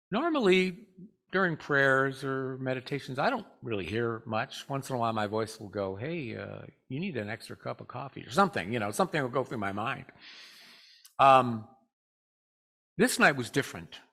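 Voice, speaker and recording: A man giving a Sunday talk to a spiritual community. He tells a personal story in a relaxed, rambling way, stops often on "uh", and speaks directly to the congregation. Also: mid-range voice. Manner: relaxed, rambling, with frequent "uh" pauses.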